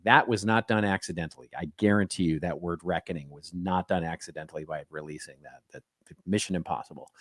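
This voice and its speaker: A man's voice: low voice, brisk, no echo, clean studio sound. A man co-hosting a podcast in casual chat, wry and skeptical, often stumbling and restarting his words. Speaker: podcast co-host.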